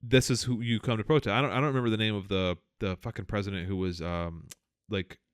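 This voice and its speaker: Low-voiced man ranting on a podcast. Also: fairly even intonation, fast, smooth, no room sound, clean studio sound. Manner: rambling, profane, many fillers and restarts. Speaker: podcast co-host. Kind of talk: casual political chat.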